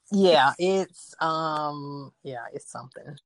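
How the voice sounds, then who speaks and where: A woman's voice: low voice, very slow, low-quality recording. A woman chatting casually about movies, laughing often and acting out her own reactions. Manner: giggly, animated, acts out her reactions.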